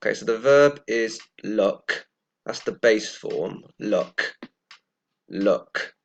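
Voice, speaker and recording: A man teaching English pronunciation, speaking slowly and deliberately and repeating each example word with care. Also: lowish voice, creaky, dull audio. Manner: slow and deliberate, repeating words carefully. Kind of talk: slow, careful pronunciation lesson.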